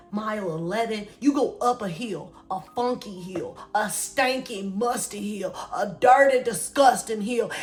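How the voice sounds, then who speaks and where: Bright, high-voiced chatty young woman. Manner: animated, chatty, dramatic, joking asides. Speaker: running vlogger. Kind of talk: casual vlog storytelling.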